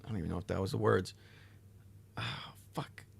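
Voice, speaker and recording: Hosting a livestream, a weary man chats loosely with his viewers while reading their messages, rambling and cursing occasionally. His deep voice moves at normal speed, with vocal fry and a breathy edge.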